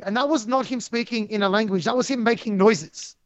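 A woman co-hosts a casual wrestling chat. She is animated and sarcastic and laughs often as she talks. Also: on the high side, brisk, hardly any pauses, muffled recording. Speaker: podcast co-host.

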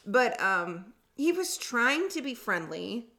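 This woman co-hosts a podcast, her voice on the high side and sing-song with a sharp tone and a slow pace. She's a chatty storyteller who laughs easily in casual conversation.

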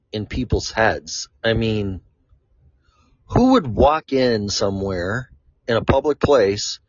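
A man's voice: lowish voice, no echo. A man from Chicago talking in a casual, rambling monologue, blunt and free with swearing. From Chicago, USA. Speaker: vlogger. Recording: dull lo-fi, dry sound.

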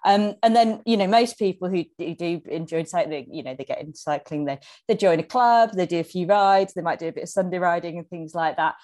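A woman's voice: fairly low pitch, a little fast, hardly any pauses, darkish tone. A woman hosting an interview, asking questions with encouraging remarks and hesitant fillers. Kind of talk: casual interview.

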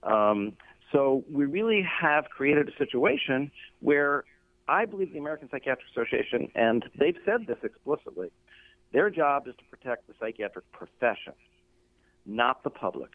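A man calls in to an interview and makes an earnest argument, often pausing on ums and uhs. His voice comes through a narrow, tinny phone line and sounds dry and close. His pitch sits in the middle range. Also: very animated, dry recording. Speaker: interview guest.

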